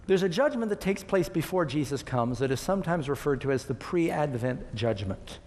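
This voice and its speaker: A man's voice: on the high side, darkish tone. A man preaching a sermon, emphatic and putting questions to his congregation. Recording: long reverb of a large hall.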